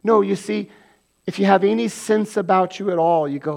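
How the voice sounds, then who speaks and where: A man preaching a sermon as pastor, animated, acting out quoted voices and swinging from loud bursts to hushed asides. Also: high voice, moderate pace, vocal fry.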